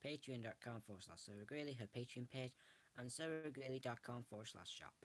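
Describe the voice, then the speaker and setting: A man's voice: mid-range voice, fairly quick. Rambling man showing off a book. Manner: rambling, restarts often, self-correcting. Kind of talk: casual show-and-tell.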